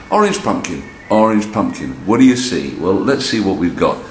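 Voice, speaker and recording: A man's voice: low voice, normal speed, hardly any pauses. A man, a storyteller, chatting casually while he shows felt figures and tells a children's story indoors. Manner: chatty, animated, addresses children. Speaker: storyteller demonstrating felt boards. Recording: roomy echo, faint background hiss.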